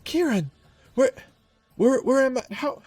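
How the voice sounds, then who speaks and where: A man's voice: very high-pitched, animated, measured pace, a little mellow, dry recording, voice pushed up, heavily acted. A man voicing a small, newly revived fairy girl who stammers in confusion during a tabletop game. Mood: bewildered. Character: fairy girl just brought back to life, tiny and bewildered. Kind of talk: tabletop game role-play.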